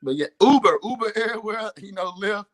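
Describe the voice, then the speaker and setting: A young man with a Southern accent telling a story in casual chat, talking fast with a slurred drawl and lots of fillers. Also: high voice, animated, a bit bright. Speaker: podcast co-host.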